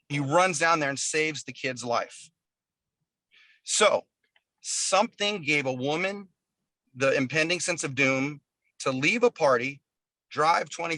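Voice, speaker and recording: A man's voice: medium pitch, pushed and bright, no room sound. A man being interviewed over a video call, chatting casually as a musician guest, telling long stories in a loose, profane way. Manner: profane, rambling storyteller.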